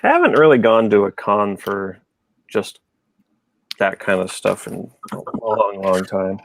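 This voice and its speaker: Gravelly low-voiced man chatting while drawing. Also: a little slow, a little hiss or hum, rough recording. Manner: relaxed, rambling, self-deprecating. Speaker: artist on a live drawing stream. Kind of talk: casual chat while drawing.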